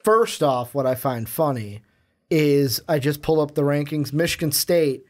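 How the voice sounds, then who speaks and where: A man's voice: fairly high pitch, normal speed, darkish tone. A man co-hosting a casual sports podcast, chatty and jokey as he talks through games and picks. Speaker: podcast co-host.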